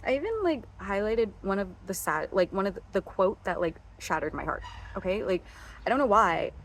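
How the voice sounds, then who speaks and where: A woman in her twenties chats casually on her reading vlog, gushing and dramatic, now and then dropping to a whisper. Her medium-pitched voice has lively intonation and a fairly quick pace, with slight background noise behind it.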